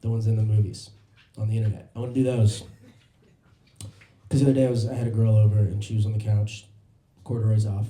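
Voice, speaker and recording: Animated stand-up comic in a roomy club. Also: male voice, lowish voice, fast talker. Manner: animated storytelling with voiced impressions. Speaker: stand-up comedian. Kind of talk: stand-up comedy set. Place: comedy club stage.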